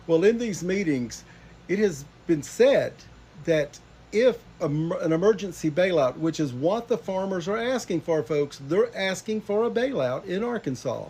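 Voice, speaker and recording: A man's voice: on the high side, a little mellow, a little hiss or hum. A man delivering a political commentary monologue, addressing viewers directly as folks with emphatic delivery.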